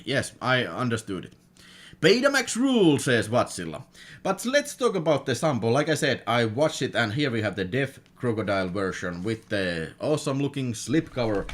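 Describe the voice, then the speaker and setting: A man with a Finnish accent and Finnish as his first language, chatting casually through a film unboxing, laughing often and repeating words. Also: mid-range voice. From Finland. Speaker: film collector vlogger.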